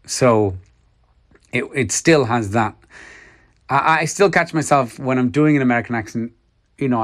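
A middle-aged Welsh man, an actor, giving reflective interview answers with many restarts. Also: mid-range voice. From Wales. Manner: halting, many restarts, soft laughs.

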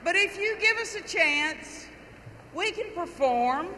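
A woman's voice: very high voice, expressive, takes it slowly, bright, forceful tone. A woman with a Texas accent giving folksy political speeches, drawling out wry one-liners. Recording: echoey hall, faint noise.

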